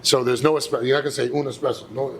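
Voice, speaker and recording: A man's voice: mid-range voice, level tone, very fast, crowd noise. A man, a chef co-hosting a casual chat, blunt and swearing freely. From United States. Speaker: chef and co-host.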